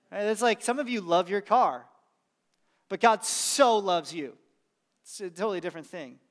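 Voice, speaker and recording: A man's voice: very high voice, a bit bright. A man, a pastor, preaching a sermon in a conversational, emphatic way with casual asides.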